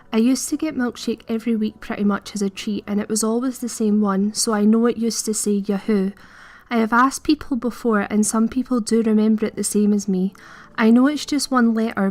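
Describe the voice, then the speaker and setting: A woman's voice: a little high, a little mellow. A woman, reading scripted narration in an earnest, puzzled way. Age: early 20s. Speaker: video creator.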